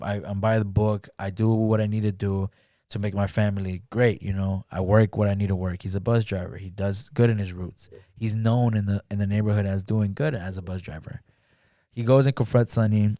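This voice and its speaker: A podcast guest with a low, steady, dark voice talks fairly quickly while retelling a film in casual chat. He rambles, says "like" a lot and plays out the characters' lines, captured in clean studio sound with no echo.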